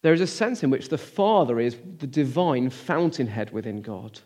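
An earnest man delivering a sermon in a middle-pitched voice. He poses questions to his listeners and presses his points with emphasis. Then he drops to a soft, near-whispered hush. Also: lively intonation, normal speed. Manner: swings from emphatic to hushed, near-whispered lines. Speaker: preacher.

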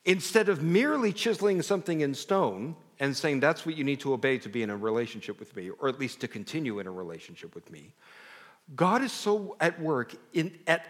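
Earnest middle-aged male preacher in a reverberant hall. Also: fairly high pitch. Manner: conversational, earnest storytelling with self-deprecating asides. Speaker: pastor. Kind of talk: sermon. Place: large hall before a congregation.

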